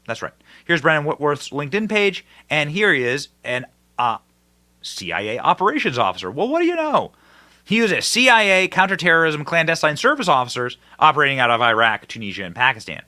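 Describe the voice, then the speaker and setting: Briskly and with big pitch swings, a man hosting a political commentary show delivers emphatic, mocking remarks in a slightly high, bright, forceful voice. He leaps between loud high outbursts and low, quiet asides, varying his loudness sharply.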